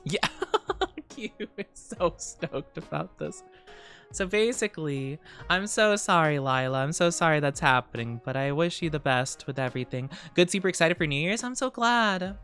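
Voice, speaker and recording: Giggly woman streamer with lively pitch. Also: moderate pace, faint music behind. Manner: giggly, chatty, reads chat aloud. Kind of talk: casual livestream chat.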